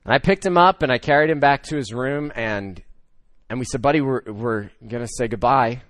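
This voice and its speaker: Male pastor, 30s, dry close sound, animated storytelling sermon voice. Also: mid-range voice, normal speed, dry recording. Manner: storytelling with swings from loud excitement to hushed emotion.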